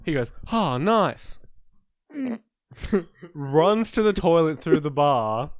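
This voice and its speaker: A young man co-hosting a podcast, telling drinking stories in a casual, animated way, laughing and acting out his friends' lines. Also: fairly high pitch, takes it slowly, dry recording. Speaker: podcast co-host. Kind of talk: casual storytelling chat.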